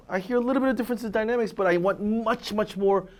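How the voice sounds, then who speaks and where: A man's voice: sits high, lively intonation, very fast, few pauses, dull audio. A man coaching violin students in a masterclass, singing phrases aloud and often checking in with "right?". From Korea. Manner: sings phrases aloud, asks "right?" often, acts out examples. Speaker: violin teacher.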